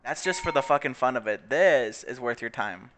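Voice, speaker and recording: A man's voice: mid-range voice, animated, moderate pace, noisy background. A young man giving casual, profane commentary on a life-simulation game, laughing often and putting on mocking voices. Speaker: gaming video creator.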